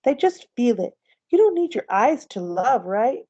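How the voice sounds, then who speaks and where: A tired, loving mother speaking barely above a whisper, as a woman reading aloud plays her. Her tone is mellow and low. The recording sounds a little dull and dry. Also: big pitch swings, unhurried, breathy edge, dry recording, heavily acted. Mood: tender, tired. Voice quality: very soft, near whisper.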